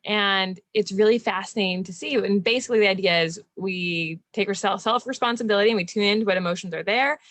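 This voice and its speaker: A woman hosting a video interview, speaking candidly in a loose, animated way and laughing often. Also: medium pitch, quick pace, hardly any pauses, dry recording. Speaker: podcast host and relationship coach. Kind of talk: casual video interview chat.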